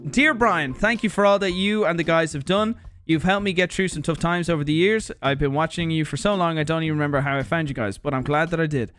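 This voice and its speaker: A young man with a slightly high voice hosts a relaxed livestream, opening viewer parcels and reading their letters out. He is animated and throws in swear words freely. Faint music plays quietly behind him. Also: fast talker, hardly any pauses. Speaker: streamer host. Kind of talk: casual livestream unboxing chat.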